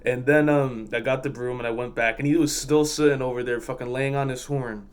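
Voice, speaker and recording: A man's voice: mid-range voice, fairly even intonation, fairly quick, smooth. A man who works as a fuel pump attendant, telling work stories in a blunt, profane, exasperated way. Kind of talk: casual storytelling vlog.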